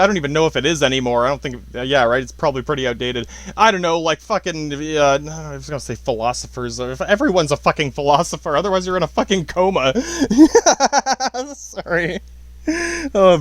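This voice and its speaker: A man's voice: on the high side, dry recording. A man rambling in a casual monologue, swearing often, apologizing and laughing at himself. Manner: profane, self-deprecating, frequent apologies and laughs. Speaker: podcast host.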